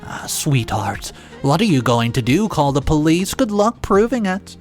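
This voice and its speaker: A man's voice: a little high, very animated, normal speed, soft background music. A man doing a smug mocking stepfather. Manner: condescending, taunting.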